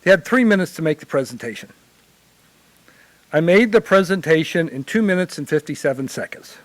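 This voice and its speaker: A man from Illinois who works as a hospital chaplain, telling lively stories to a forum audience. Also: a little high, brisk, dry recording, rough recording. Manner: animated anecdotal storytelling. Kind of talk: conference panel storytelling.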